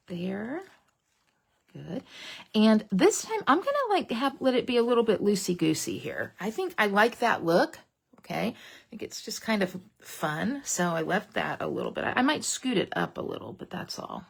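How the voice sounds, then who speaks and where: Chatty woman with a gravelly, husky voice. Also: lowish voice. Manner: chatty, folksy, talks straight to viewers with frequent "okay?". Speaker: papercraft demonstrator. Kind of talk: casual craft tutorial livestream, reading viewer comments.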